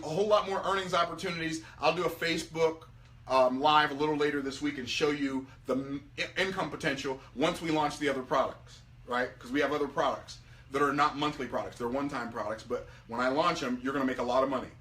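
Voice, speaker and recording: A man coaching his members in a live video pitch, energetic and repetitive, often restarting his sentences. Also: fast. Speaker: business coach.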